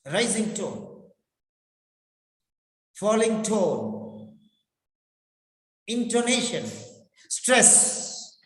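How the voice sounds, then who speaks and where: Male pronunciation teacher, slow and high-pitched, drilling words by repetition, long echoing reverb. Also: very animated. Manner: deliberate, repeats words over and over to drill them. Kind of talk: classroom lecture with repetition drills. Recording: echoey room with long reverb.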